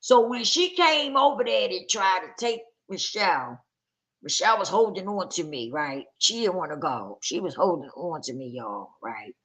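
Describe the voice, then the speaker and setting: A woman's voice: fairly low pitch, animated, moderate pace, fairly bright tone. A woman vlogger talking candidly and emphatically to her viewers in casual chat, swearing freely.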